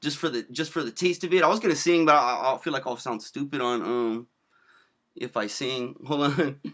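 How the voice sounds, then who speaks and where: A man's voice: mid-range voice, moderate pace, a bit bright. A man in his thirties giving casual, rambling video commentary, slangy and profane, full of fillers. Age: 30s.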